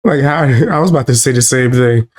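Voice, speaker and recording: A male co-host chimes in with easygoing, conversational remarks, questioning the clips as they play. His voice sits at an ordinary middle pitch. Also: a little fast. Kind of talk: casual reaction chat.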